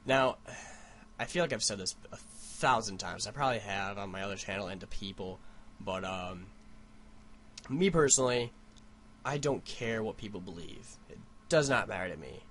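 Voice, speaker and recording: A man's voice: fairly low pitch, normal speed, slight background noise. Profane young man ranting casually. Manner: profane, rambling, animated storytelling. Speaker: vlogger. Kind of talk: casual rant.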